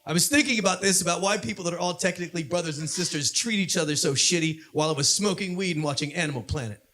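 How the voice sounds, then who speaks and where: A man from Southern California doing a stand-up comedy set on a club stage, punchy delivery that builds to shouted punchlines. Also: sits high, quick pace.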